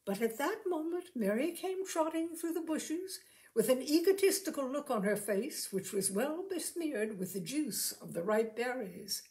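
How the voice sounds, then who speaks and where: A woman reading a short story aloud in a dramatic, lively storybook manner. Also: high voice, a little slow.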